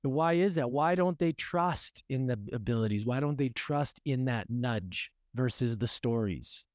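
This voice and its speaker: A man's voice: medium pitch, expressive, unhurried, darkish tone, dry recording. Enthusiastic podcast host man, dry sound. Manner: enthusiastic, affirming, uses "dude" and "man". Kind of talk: casual interview conversation.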